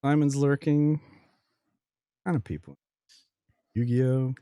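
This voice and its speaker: A man's voice: medium pitch, slow, dark tone, clean tone, no room sound, clean studio sound. A man from Western Pennsylvania with a Western Pennsylvania accent, hosting a casual livestream chat and greeting viewers by name. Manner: chatty, laughs easily, greets chat by name. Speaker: livestream host.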